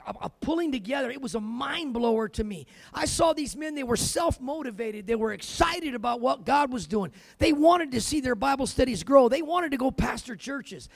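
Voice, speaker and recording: A man's voice: extremely high pitch, gravelly, dry recording. A man preaching a sermon, telling his own story with emphasis and dropping in "amen" and "man" as he goes. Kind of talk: sermon with personal testimony.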